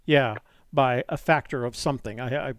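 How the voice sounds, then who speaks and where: A man's voice: mid-range voice, moderate pace, smooth, no room sound, clean studio sound. A man hosting a live-streamed call-in show, talking in a chatty, rambling way with many fillers. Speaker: host.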